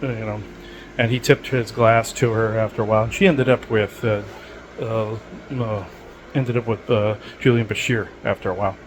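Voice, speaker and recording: A man's voice: fairly low pitch, fairly even intonation, normal speed, a little hiss or hum, poor audio. A man hosting a podcast, talking in a rambling, digressive way with many fillers. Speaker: podcast host. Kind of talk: rambling casual monologue.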